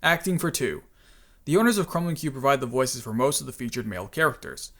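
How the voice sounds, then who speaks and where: A man's voice: mid-range voice, quick pace, fairly bright tone. A man hosting a casual video commentary, chatty and self-deprecating, with frequent laughs and filler words. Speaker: channel host and voice actor.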